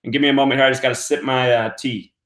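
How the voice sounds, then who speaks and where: A man's voice: mid-range voice, steady tone, racing, a bit bright. Emphatic man, echoey room. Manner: emphatic, counting out numbers, rhetorical questions. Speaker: online show host. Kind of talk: monologue commentary. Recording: roomy echo.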